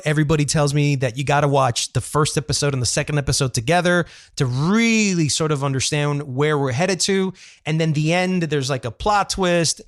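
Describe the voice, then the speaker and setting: A man's voice: on the high side, no echo, clean studio sound. A man co-hosting a podcast in casual, opinionated chat, blunt and swearing freely. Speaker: podcast co-host.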